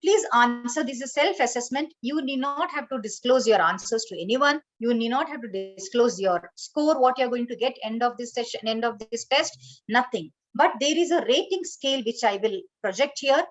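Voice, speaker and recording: Woman trainer on a video call, fairly high voice, keeps saying okay. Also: animated, moderate pace, low-quality recording. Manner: instructive, repeats okay and you know. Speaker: corporate trainer. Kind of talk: online training session.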